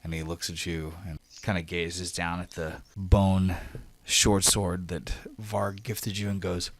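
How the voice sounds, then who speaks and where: Deep-voiced man running a tabletop game. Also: level tone, slow, no echo. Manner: loose, filler-heavy narration. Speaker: game master.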